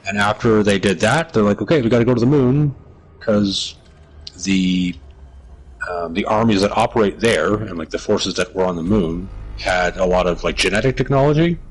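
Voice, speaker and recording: Husky man rambling through game lore. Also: low voice, moderate pace, low-quality recording. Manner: rambling, hesitant, full of restarts. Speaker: co-host. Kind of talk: casual chat explaining game lore.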